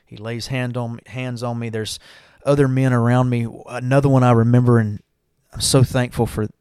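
A man's voice: mid-range voice, level tone, normal speed, a little mellow, clear, resonant tone, no room sound, clean studio sound. A young man, earnestly telling his church testimony and talking to listeners as y'all. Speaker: church member giving testimony. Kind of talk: personal testimony.

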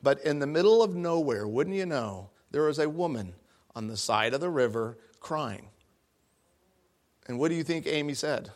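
A man's voice: a little high, moderate pace. A young man giving a guest talk to an audience, telling a personal story with jokes and acting out his own lines. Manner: animated, jokey, acts out his own lines. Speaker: guest speaker.

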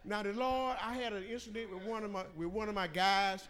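A man standing up in a church service to give his testimony, speaking emphatically and building toward shouting. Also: sits high, fairly even intonation, brisk. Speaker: church member giving testimony.

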